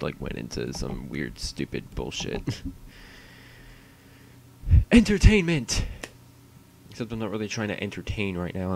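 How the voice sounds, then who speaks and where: Man, deep voice, warm dark tone, casual livestream chatter, profane, self-deprecating rambling. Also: creaky, slight background noise. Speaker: streamer.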